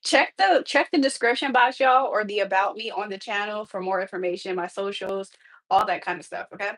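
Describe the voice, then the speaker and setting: A woman's voice: medium pitch, fairly quick, fairly bright tone, no echo, rough recording. Chatty woman livestreaming from her kitchen, dry sound. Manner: chatty, laughs often, addresses viewers as "y'all". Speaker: livestream host. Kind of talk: casual livestream chat. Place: home kitchen.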